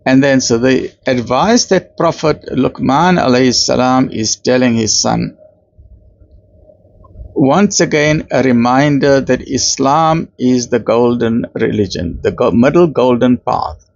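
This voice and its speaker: A man's voice: mid-range voice, a little slow, vocal fry, dull audio. A man with a South African accent giving a conversational religious talk, slipping in Arabic terms and acting out the voices he quotes. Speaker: Islamic lecturer.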